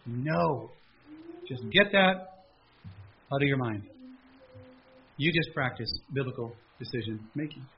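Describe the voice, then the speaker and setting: A man preaching a sermon as pastor at a church service, animated, with a raised pleading voice when he acts out prayers. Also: mid-range voice, takes it slowly, pauses often, dull audio, a little hiss or hum.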